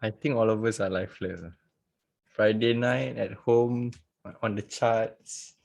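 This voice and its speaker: A man's voice: fairly low pitch, steady tone, a little slow, gravelly, darkish tone. A man hosting a casual live online trading class from home over a video call, chatty and joking, laughing often.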